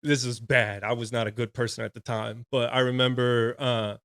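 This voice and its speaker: A man's voice: medium pitch, little pitch movement, moderate pace, fairly bright tone, clear, resonant tone, no echo, clean studio sound. A man in his thirties, a retired Navy corpsman, telling his story as a podcast guest in a casual, frank way and laughing often.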